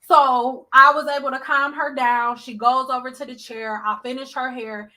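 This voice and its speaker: High bright-voiced woman telling a story. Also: fairly quick, rough recording. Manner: blunt, animated, acts out quotes. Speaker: hairstylist. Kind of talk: storytime vlog.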